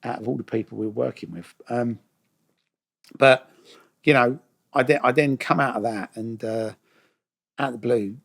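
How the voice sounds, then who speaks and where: Gravelly man telling stories. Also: medium pitch, moderate pace, long pauses. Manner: chatty, swears freely, acts out quoted voices. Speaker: guest. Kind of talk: casual storytelling interview.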